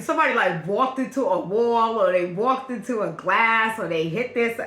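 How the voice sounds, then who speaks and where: A woman's voice: mid-range voice, normal speed, few pauses, fairly bright tone, roomy sound. A woman from Brooklyn with a Brooklyn accent, giving a channeled spiritual reading in a repetitive, affirming, emphatic way. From Brooklyn, New York. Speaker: spiritual reader.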